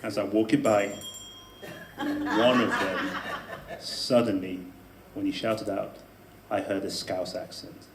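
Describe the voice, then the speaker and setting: A man telling a personal story to a live audience in a debate speech, animated, with laughing asides and emphatic peaks. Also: on the low side, slow, long pauses, noisy background. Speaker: debate speaker. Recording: echoey room with faint ambience.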